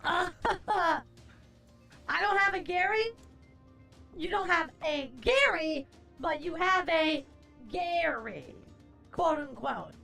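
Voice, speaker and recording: A woman with a very high, gravelly voice hosts a live stream, chatting with viewers in a brash, profane and theatrical way. Music plays faintly behind her. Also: animated, slow pace, pauses often, sharp tone. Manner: theatrical, playful.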